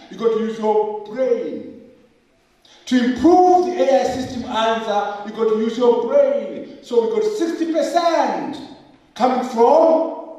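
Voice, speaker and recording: A middle-aged man giving a lively speech at a book launch, firing rhetorical questions, joking and hammering points through repetition. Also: high-pitched. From Zimbabwe. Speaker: professor and author at a book launch. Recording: echoey hall, voice from far off.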